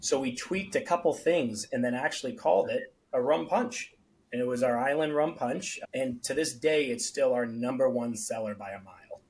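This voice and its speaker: A man at a middle pitch tells stories about building his business in an easy, conversational way. He acts out the people he quotes, and his voice jumps up and gets louder when he plays them. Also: moderate pace, low-quality recording. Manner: animated storyteller, acts out quoted dialogue. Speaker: guest, beverage company founder. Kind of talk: casual podcast storytelling.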